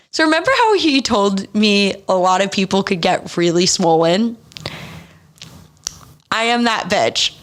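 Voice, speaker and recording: Young woman, podcast host, casual confessional storytelling, blunt and swearing, mid-pitched voice. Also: expressive, slow pace, pauses often, a bit bright. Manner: candid and profane, storytelling.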